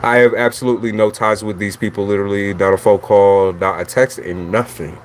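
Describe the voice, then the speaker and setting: A man reads tarot during a casual livestream monologue, rambling in a blunt, chatty manner with lots of swearing and laughter. He speaks fairly quickly in a fairly low, steady voice, and there's a little hiss or hum.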